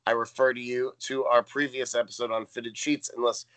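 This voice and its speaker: A man with a bright, forceful voice talks through a sitcom episode in relaxed podcast chat. He swears casually and slips into quick voices for the characters. His pitch sits in the middle range for a man. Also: no echo, rough recording. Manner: animated, swears casually, acts out character lines. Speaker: podcast co-host.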